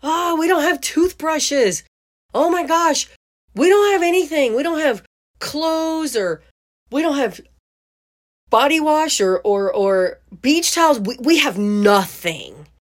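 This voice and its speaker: A woman voicing a panicking mother in a high-pitched tone of disbelief, repeating herself and stressing different words. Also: expressive, takes it slowly. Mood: frantic. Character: panicking middle-aged mother, frantic disbelief.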